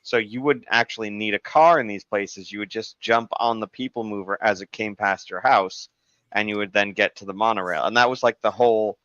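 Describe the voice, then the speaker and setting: A man from Arizona telling rambling stories in casual podcast chat, lively when quoting others. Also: fairly low pitch, fairly quick, no room sound, muffled recording. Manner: rambling storyteller, animated when quoting people. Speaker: podcast co-host.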